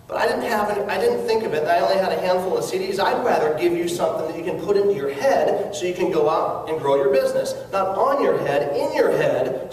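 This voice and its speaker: A man's voice: sits high, darkish tone, a little hiss or hum. Earnest man in an echoey hall. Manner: earnest, coaxing, asks the audience questions. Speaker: network marketing speaker. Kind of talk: motivational business talk. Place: large hall with an audience. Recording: echoey hall recorded from far off.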